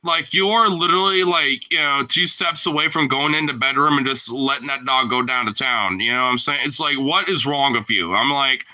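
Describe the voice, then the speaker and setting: A man talking in a casual, rambling monologue, slangy and profane and full of fillers, moving between loud outbursts and low mutters. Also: moderate pace, hardly any pauses, poor audio.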